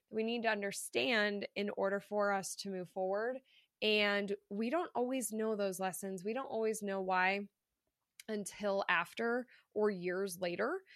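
A woman's voice: mid-range voice, fairly bright tone, no echo, clean studio sound. A woman hosting a podcast, talking casually and candidly on her own, congested from allergies, with frequent fillers and casual swearing. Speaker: podcast host. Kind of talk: casual solo podcast monologue.

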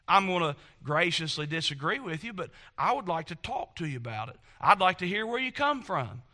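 A man's voice: extremely high pitch, pushed and bright. A man preaching a sermon, impassioned and repetitive, acting out quotes from the people he talks about.

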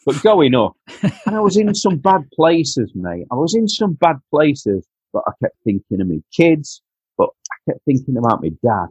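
A man's voice: on the high side, sing-song, normal speed, a little mellow, breathy edge, no room sound, low-quality recording. A man from Doncaster with a Yorkshire accent, telling his story as a podcast guest earnestly, repeating himself and calling the host mate. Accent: Yorkshire English. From Doncaster, England. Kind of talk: candid personal storytelling.

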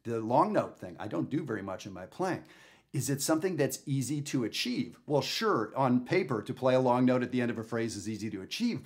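A man in the middle of a casual video lesson, speaking at an ordinary mid pitch. He thinks out loud, second-guesses himself openly, and keeps checking in with the viewer. The talk feels unscripted and conversational. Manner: thinking aloud, candid and self-questioning; talks directly to the viewer, often tags "right?". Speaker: jazz saxophone teacher.

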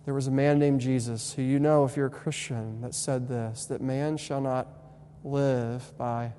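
Young male pastor, sermon delivery, mellow tone, quiet to fervent, recorded in a reverberant hall. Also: medium pitch, fairly even intonation, a little slow. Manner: swings from quiet tender lines to loud impassioned preaching. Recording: long hall reverb, faint hum.

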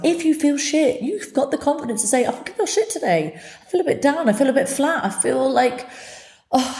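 A woman hosts her own podcast in a heartfelt, earnest monologue, dropping swear words without a second thought. Her voice sits low and mellow, never bright. The sound carries the echo of a bare room around it. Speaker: podcast host. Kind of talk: candid solo podcast talk.

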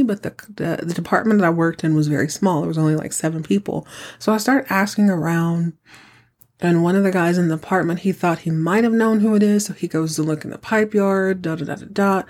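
Middle-aged woman host, casual storyteller who acts out the quotes, voice sitting on the low side. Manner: chatty, animated, acts out quoted dialogue. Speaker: podcast host.

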